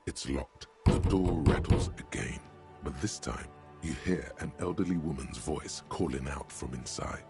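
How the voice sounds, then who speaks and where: An actor voicing a dry, sardonic narrator in a video game. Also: male voice, a bass voice, measured pace, over music. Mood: wry. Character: wry, deep-voiced male game narrator.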